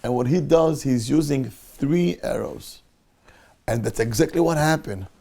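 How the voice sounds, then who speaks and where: Speaking a little slowly in a creaky, medium-pitched voice, this rabbi leads a Torah class. His storytelling is animated, and he plays the characters himself.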